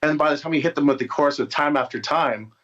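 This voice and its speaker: A man's voice: on the high side, quick pace, a bit bright. A man who is a musician, chatting casually and rambling through an interview over a video call. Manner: rambling, with frequent restarts and fillers. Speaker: musician guest. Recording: dull lo-fi video call audio.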